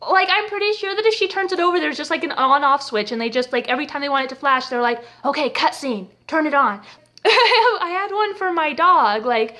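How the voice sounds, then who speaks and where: A woman's voice: sits high, a little fast, sharp tone. A young woman recapping a TV episode in a casual, sarcastic way, laughing often as she retells scenes. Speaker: TV episode reviewer.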